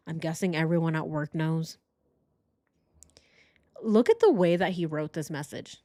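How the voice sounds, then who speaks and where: A woman hosting a true crime channel, reading text messages aloud with indignant, sarcastic commentary into a boom-arm microphone. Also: measured pace, long pauses, warm tone, no echo, studio quality.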